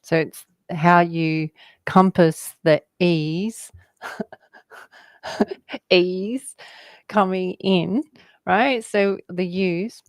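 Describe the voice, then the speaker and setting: A woman's voice: lowish voice, steady tone, no room sound. A woman, a guest telling rambling spiritual stories in a conversation, often laughing. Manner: slow, meandering storytelling with laughs.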